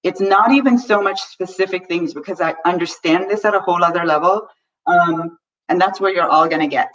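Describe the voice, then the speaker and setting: A woman's voice: on the low side, brisk, a bit bright. Chatty woman coaching, slightly distant and dull. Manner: chatty and upbeat, addresses listeners directly. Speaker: money mindset coach. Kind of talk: live teaching session to an audience.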